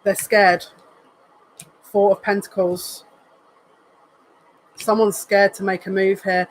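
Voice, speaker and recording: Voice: mid-range voice, little pitch movement, takes it slowly, low-quality recording. A psychic reader giving a live tarot card reading in an earnest, emotional way, repeating phrases and thinking aloud as they turn the cards. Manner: emotional, says they are near tears.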